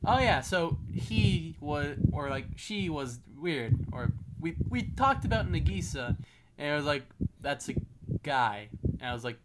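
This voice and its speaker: Young guy rambling, lotta fillers, a bit high pitched. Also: sing-song, measured pace, heavy background noise. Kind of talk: casual podcast chat.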